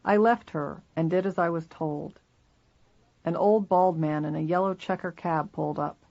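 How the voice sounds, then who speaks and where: A reader narrating a first-person memoir in a steady, measured way. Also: medium pitch, creaky, muffled recording.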